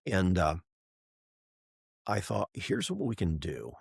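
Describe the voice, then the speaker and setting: A man's voice: low-pitched, wildly swooping pitch, slow pace, creaky, breathy edge, no echo, studio quality. A middle-aged man, a race driver and entrepreneur, telling an enthusiastic story as a podcast guest, acting out the voices of people he quotes. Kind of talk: animated storytelling in a podcast interview.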